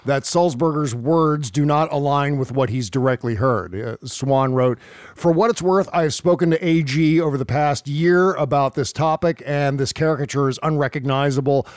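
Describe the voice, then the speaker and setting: A man's voice: on the high side, normal speed, dry recording, clean studio sound. Chatty podcast host man. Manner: conversational, reads out news items with filler "uh"s. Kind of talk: casual news commentary.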